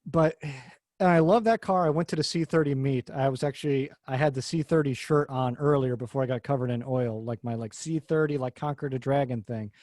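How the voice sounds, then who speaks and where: A man's voice: mid-range voice, brisk, a little mellow, no room sound. A man hosting a podcast, talking cars in a rambling, jokey way and swearing casually. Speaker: podcast host. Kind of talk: casual car chat.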